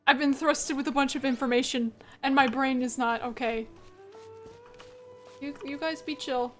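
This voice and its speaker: A woman's voice: high voice, steady tone, moderate pace, pauses often, faint music behind. A woman streamer giving casual, flustered commentary while playing a game, exclaiming often.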